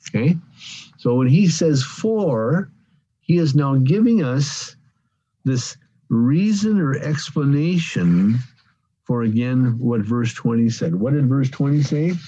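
A man leads an evening Bible study in a mellow, slightly husky voice. He explains each word carefully, repeats himself, and stresses the phrases that matter. The sound is dull and lo-fi. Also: mid-range voice. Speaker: Bible teacher. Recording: dull lo-fi recording.

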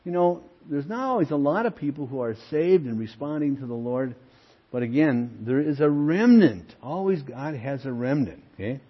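A man's voice: mid-range voice, expressive, normal speed, slightly rough, lo-fi sound. An older man, a pastor, preaching a sermon with earnest emphasis and calling his listeners friends.

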